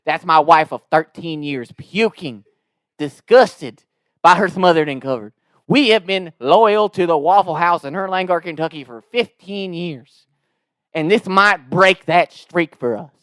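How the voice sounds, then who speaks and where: A man voicing an offended Southern husband with a slow, drawling twang, complaining formally in a pompous, straight-faced way. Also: on the high side, fairly bright tone, smooth, no echo. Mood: indignant. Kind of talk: prank-call impression within a comedic story.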